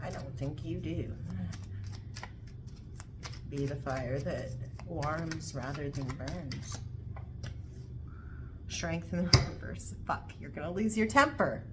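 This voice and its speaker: A woman's voice: low-pitched, takes it slowly, pauses often, heavy background noise. A woman giving a casual tarot reading to camera, blunt and repetitive, swearing freely as she talks. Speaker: tarot reader.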